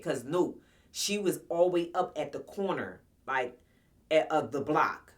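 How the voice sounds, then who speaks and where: A woman in her forties with a low voice casually tells her viewers a personal story, animated but a little slow. She is blunt, slangy and profane, and she sounds far from the mic, somewhat off-mic.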